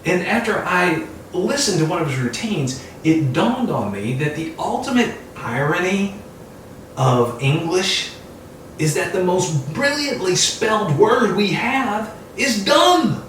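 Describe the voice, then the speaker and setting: A man's voice: high voice, sing-song, unhurried, fairly bright tone, a little hiss or hum. A man doing a playful, mock-confused comedy routine, chatting with an imagined audience. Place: room at home. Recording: distant mic in an echoey room with faint ambience.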